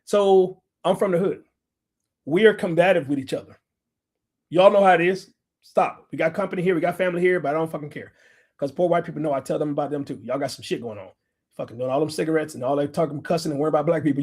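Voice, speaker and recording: Fast-talking, blunt, profane man. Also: on the high side, darkish tone, breathy edge. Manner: blunt, combative, rambling, swears constantly. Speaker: speaker addressing a live audience. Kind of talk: profane, loose talk to a room.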